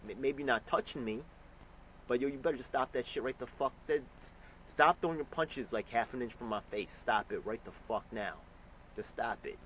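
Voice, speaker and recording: A man angrily reacting to a news clip, ranting and swearing with sudden loud bursts. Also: medium pitch, moderate pace, a little hiss or hum, poor audio. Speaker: commentator reacting to news clips. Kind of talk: profane reaction commentary.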